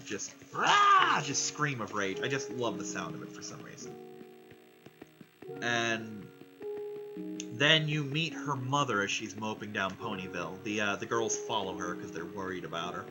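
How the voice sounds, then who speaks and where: A man's voice: lowish voice, poor audio. Rambling man with music behind. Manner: rambling, profane, enthusiastic. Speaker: vlogger. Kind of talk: casual episode recap. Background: music playing.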